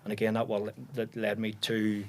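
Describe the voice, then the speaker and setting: A man in his forties with a Northern Irish accent, a podcast guest telling relaxed stories in casual chat, often restarting his sentences around fillers. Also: fairly low pitch, normal speed, slight background noise. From Northern Ireland.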